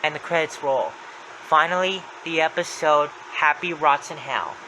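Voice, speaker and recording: A man's voice: a little high, normal speed, sharp tone, a little hiss or hum, low-quality recording. A young man retelling a creepy story in a plain, running recap with small slips. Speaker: narrator.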